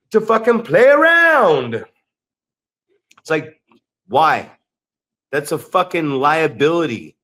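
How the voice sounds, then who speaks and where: On a casual wrestling podcast, a middle-aged co-host who also wrestles professionally unloads blunt, profanity-heavy rants. His voice leans high and has a fairly bright tone.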